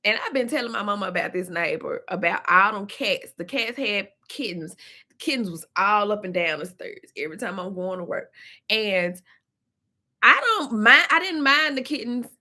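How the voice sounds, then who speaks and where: A woman's voice: mid-range voice, animated, moderate pace, bright, forceful tone. A woman from Memphis with a Southern accent, chatting casually to her viewers on a livestream and reading their comments aloud. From Memphis, Tennessee. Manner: chatty, talks to viewers and reads the chat aloud. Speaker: livestream host. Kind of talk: casual live-chat venting.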